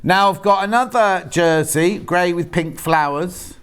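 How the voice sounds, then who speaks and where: A man's voice: high-pitched, measured pace, fairly bright tone, clear, resonant tone. A man presenting on a live shopping channel, reading out fabric prices in a chatty, jokey sales patter and bantering with the crew off camera.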